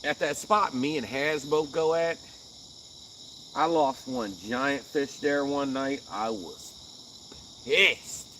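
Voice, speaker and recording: A man's voice: medium pitch, slow, pauses often, sharp tone, a little hiss or hum. A man hosting a live fishing stream from a riverbank at night, chatting with viewers in laid-back, slangy banter and laughing often. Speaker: livestream host. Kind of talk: casual live-stream chat.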